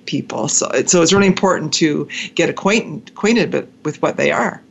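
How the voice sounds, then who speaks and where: A woman's voice: low-pitched, normal speed, vocal fry, husky. A woman hosting a podcast interview, listening attentively with frequent affirmations and asking questions. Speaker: podcast host.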